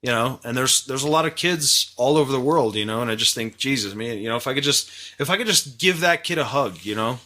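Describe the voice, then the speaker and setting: A man's voice: mid-range voice, expressive, a little fast, pushed and bright. A man from Massachusetts co-hosting a casual podcast, rambling and profane with many restarts. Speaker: podcast co-host.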